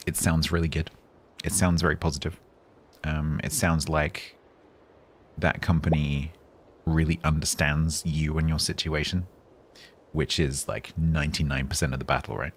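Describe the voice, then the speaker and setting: A man chatting calmly on a game livestream, rambling with fillers and restarts. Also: very deep voice, breathy edge. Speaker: game streamer. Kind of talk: casual livestream chat.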